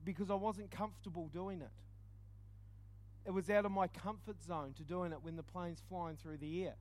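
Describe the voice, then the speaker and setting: A man preaching, telling a personal testimony in an animated storytelling way with quick dips into quiet asides. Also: high voice. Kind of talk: testimony sermon.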